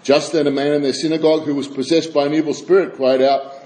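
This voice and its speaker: A man preaching a sermon and reading scripture aloud, with frequent halting restarts and wry, chuckling asides. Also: on the high side, flat delivery, warm tone, a little hiss or hum, low-quality recording.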